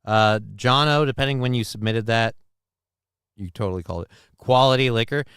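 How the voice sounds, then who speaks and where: Profane, chatty livestream host, smooth voice. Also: male voice, medium pitch, a little fast, a bit bright, no room sound, studio quality. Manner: loose and profane, reading chat comments aloud. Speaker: livestream talk show host. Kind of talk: casual live-chat commentary.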